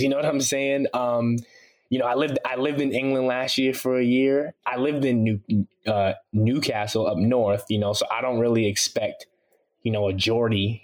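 A man talking loosely as an interview guest, relaxed and slangy, with lots of "you know" fillers. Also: mid-range voice. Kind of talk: casual interview chat.

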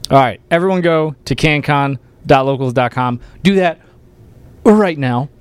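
A man's voice: on the high side, measured pace, smooth. Male livestream host, emphatic and rallying, fired up, casual delivery. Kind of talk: casual political livestream talk.

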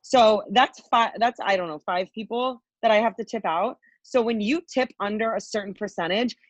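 A woman's voice: mid-range voice, no room sound. Heated, profane young woman ranting. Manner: heated, profane, fast rambling with many "like" fillers. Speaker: podcast co-host. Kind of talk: casual chat, venting story. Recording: dull lo-fi dry podcast audio.

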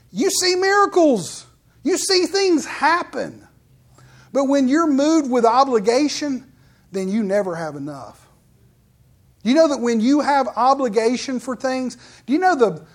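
A man preaching a sermon as pastor, telling stories in quick bursts that trail off quietly at the ends of phrases. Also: very high voice.

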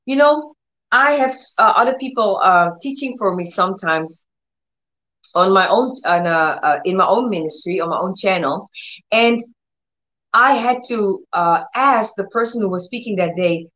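A woman's voice: medium pitch, lively intonation, moderate pace, fairly bright tone, echoey room, highs cut off. A woman preaching a conversational sermon on her own channel, earnest and repetitive, with many restarts and direct questions to her listeners. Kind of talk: conversational sermon with Bible reading.

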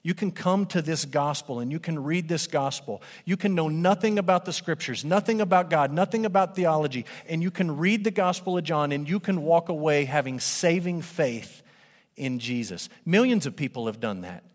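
A man preaching a sermon as pastor, animated and conversational, speaking to a congregation in a church. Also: a little high, normal speed. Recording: long hall reverb.

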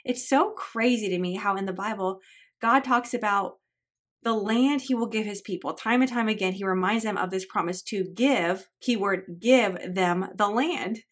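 A woman of middle pitch teaches a Bible study on her podcast, earnest and encouraging. She talks to her listeners like friends, especially moms, and moves from chatty asides into reading passages aloud. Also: normal speed. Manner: reads scripture and story passages aloud between chatty asides.

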